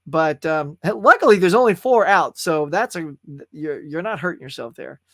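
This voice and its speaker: A man chats casually as the host of a live stream, reading viewer comments and laughing as he goes. His pitch swings widely, full of bounce. The sound is dry and close, with no room around it. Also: lively intonation, normal speed, fairly bright tone, no echo. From California. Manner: chatty, laughing, reads chat comments aloud.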